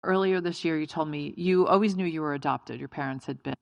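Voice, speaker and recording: A woman host leads a live on-stage interview with encouraging questions. Her voice is low and gravelly with vocal fry, and the sound is dry and close. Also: brisk, dry recording, lo-fi sound. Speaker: podcast host.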